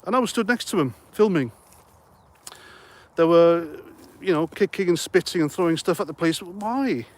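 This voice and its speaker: With a high-pitched, lively voice at normal speed, a middle-aged livestream host reads viewer comments and chats jokily, wandering off topic. He's slightly out of breath.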